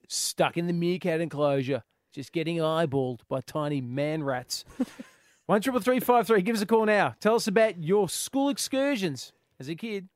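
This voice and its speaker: A man's voice: fairly high pitch, a little slow. An Australian man in his forties hosting a talk radio call-in show, joking and laughing as he takes calls. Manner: jokey, laughs often, lively banter. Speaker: radio host. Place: radio studio. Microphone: studio mic.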